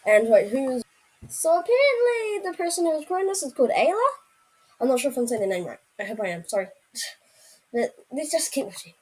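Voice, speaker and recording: A woman's voice: high-pitched, sing-song, a little fast, darkish tone, breathy edge, poor audio. A woman chatting casually to viewers as she reacts to a video, often apologizing in asides. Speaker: reaction vlogger.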